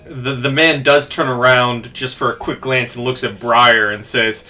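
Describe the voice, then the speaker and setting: A man narrating a tabletop game as game master. He speaks slowly and haltingly, with a bright, forceful tone. He restarts and fills pauses often. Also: mid-range voice, steady tone. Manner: halting, many fillers and restarts.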